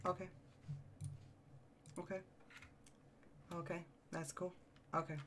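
A male game streamer with a high-pitched voice that sometimes cracks, chatting excitedly and answering his live chat while he plays. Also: takes it slowly, noisy background. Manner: excitable, chatty, reacts to chat, repeats phrases.

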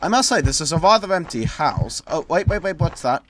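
A man narrates his horror game run in a fairly high voice that leaps about wildly. He grumbles and mutters sarcastically, then bursts into startled screams. The recording carries a clear layer of background noise. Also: expressive, fairly quick. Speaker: gameplay commentator. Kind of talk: horror game let's play commentary.

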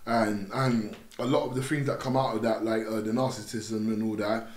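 A young man with a London accent telling stories in a casual podcast chat, animated and acting out the voices in his anecdotes. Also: on the low side, moderate pace. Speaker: podcast guest. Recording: roomy room.

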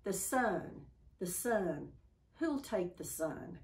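A woman voicing a persistent male auctioneer in a story, calling bids in a measured, insistent way. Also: on the low side, sing-song, a little mellow, exaggerated voice.

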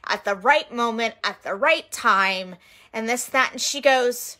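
A woman with a bright, fairly high voice tells heartfelt stories from her outreach work. She speaks earnestly and with feeling, slipping into the voices of the people she met. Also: measured pace. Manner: earnest, emotional, retells quotes in lively voices. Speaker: missionary sharing outreach stories. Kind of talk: casual storytelling chat.

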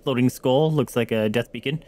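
A man streaming a video game, reacting with animated exclamations and casual swearing. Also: mid-range voice, moderate pace. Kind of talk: casual gameplay commentary.

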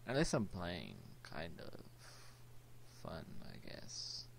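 A teenage boy talking over his own gameplay, goofy and rambling, narrating every move. His voice sits fairly low but jumps around a lot. It sounds like a casual home-made gaming video. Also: wildly swooping pitch, slow, gravelly, a little hiss or hum. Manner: rambling, goofy, talks to himself while playing. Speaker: gaming channel host.

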